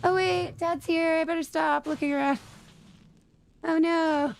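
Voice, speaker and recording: A woman doing a self-assured young action heroine from a video game, high and bright in pitch with a raspy, fried undertone. She talks with playful vanity and plenty of confidence. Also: fairly even intonation, measured pace, exaggerated voice. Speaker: streamer voicing a game character.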